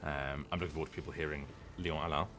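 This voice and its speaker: Deep-voiced guy streaming a game, lots of ums, soft music under it. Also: fairly even intonation, quick pace. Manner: rambling, hesitant, many ums and restarts. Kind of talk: casual live-stream chat.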